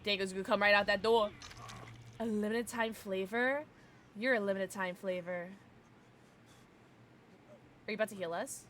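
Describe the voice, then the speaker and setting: A woman's voice: medium pitch, steady tone, moderate pace, pauses often, fairly bright tone, slight background noise. A young woman streaming a game, chatting casually with her viewers and reacting with frequent giggles. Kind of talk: casual gaming livestream chat.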